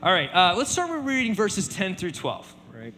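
A man preaching a sermon in a relaxed conversational way, often checking in with "right?". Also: high voice, moderate pace, big-room sound, a little hiss or hum. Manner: conversational, many fillers and repeated tag questions. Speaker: pastor.

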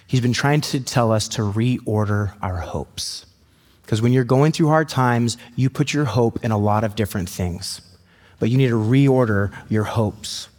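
A man's voice: mid-range voice, darkish tone. Man preaching in a reverberant hall. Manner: conversational, storytelling, slows down for scripture. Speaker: pastor. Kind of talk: sermon.

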